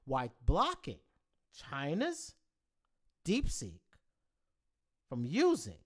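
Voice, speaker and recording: A man's voice: fairly high pitch, slow pace, pauses often. A man hosting a live stream, ranting about tech news in a heated, profane way. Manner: animated, profane, heated rant with bursts of emphasis. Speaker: livestream host.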